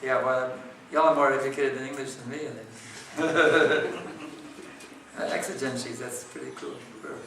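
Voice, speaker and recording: A man gives a devotional morning class in a temple hall full of echo, answering questions in a conversational style peppered with rhetorical questions. His medium-pitched, fairly bright voice is unhurried and fairly even, captured from a distance with slight hiss or hum.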